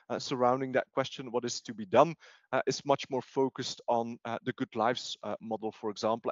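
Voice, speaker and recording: A man of middle pitch gives a formal academic webinar talk over a video call, stopping often with "uh" as he picks his words. The sound is dull and lo-fi and very dry, with no room echo at all. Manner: halting, with very frequent "uh" fillers; formal and measured. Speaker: webinar presenter. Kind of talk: academic presentation.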